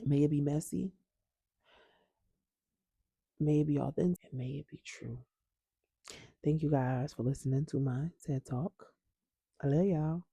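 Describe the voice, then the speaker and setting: A woman's voice: very deep voice, normal speed, gravelly, long pauses, mellow, husky, dry recording, studio quality. A woman vlogging about healing and personal growth, speaking candidly and emphatically to her viewers and swearing freely. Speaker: wellness vlogger. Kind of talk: casual talk to camera.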